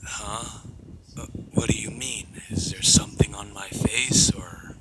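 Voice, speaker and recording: A man voicing a polite, friendly creature villager in an amateur story, soft-spoken and a little hesitant. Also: on the low side, fairly even intonation, unhurried, heavy background noise, lightly acted.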